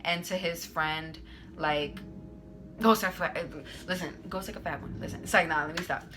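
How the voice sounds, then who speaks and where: A woman's voice: on the low side, steady tone, normal speed, music in the background. A young adult woman hosting her own channel, telling a casual storytime in a sassy, slangy way with plenty of "like"s. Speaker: YouTuber host.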